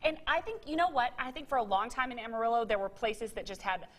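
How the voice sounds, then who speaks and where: A woman co-hosting a local TV morning show in a studio, chatting casually with quick asides and affirmations. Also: fairly high pitch, a bit bright.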